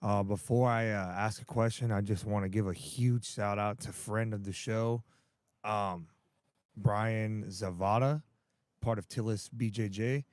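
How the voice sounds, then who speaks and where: A man co-hosting a podcast, welcoming guests and asking questions with many pauses. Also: lowish voice, fairly even intonation, clear, resonant tone, dry recording, clean studio sound. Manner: hesitant, many ums. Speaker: podcast co-host.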